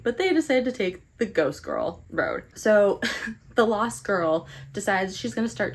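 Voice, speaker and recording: A young woman chatting casually through a book review, animated and sarcastic. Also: medium pitch, a little slow. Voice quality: animated, sarcastic, eye-rolling. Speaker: book vlogger.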